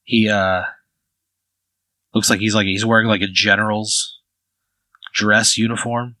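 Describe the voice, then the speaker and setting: A man's voice: lowish voice, level tone, a little slow, sharp tone, no echo, rough recording. A man narrating as game master in a rambling way, full of "like" fillers.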